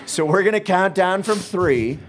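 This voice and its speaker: A man hosting a podcast, asking quick either-or questions in an unhurried way with hesitant fillers. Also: high-pitched, expressive, slight background noise. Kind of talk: quiz-style podcast hosting.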